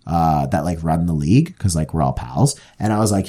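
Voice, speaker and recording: Animated swearing young man telling stories. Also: deep voice, brisk, hardly any pauses, breathy edge. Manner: animated, swears a lot, jumps into mock quotes. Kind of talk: casual chat, storytelling.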